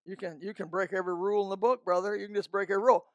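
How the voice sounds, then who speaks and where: A man's voice: high-pitched, steady tone, very fast, dry recording, dull audio. An older man preaching a folksy, emphatic sermon, breaking into snatches of hymns.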